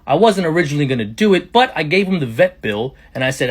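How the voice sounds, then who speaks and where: Fast-talking man telling a story. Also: on the high side, big pitch swings, slightly rough. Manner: conversational, plain-spoken. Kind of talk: casual storytime narration.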